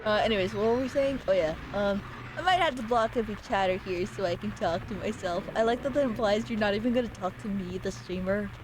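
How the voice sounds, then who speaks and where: Playful woman streamer, noisy background. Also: fast. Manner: playful, rambling, teasing chat, sudden squeaky yells. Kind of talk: casual gaming livestream chat.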